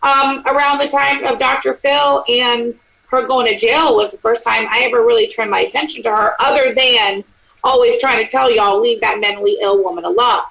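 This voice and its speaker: A woman co-hosting a casual talk stream, with a slightly higher voice. She presses her co-host with teasing, probing questions and swears freely. Her tone is sharp and conversational. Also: fairly even intonation, normal speed, vocal fry, rough recording. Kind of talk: casual interview-style chat.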